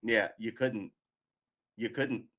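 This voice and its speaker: A man's voice: on the low side, slow, a bit bright. A man giving live political commentary, angry and sarcastic, swearing, reading news aloud and cutting in with remarks.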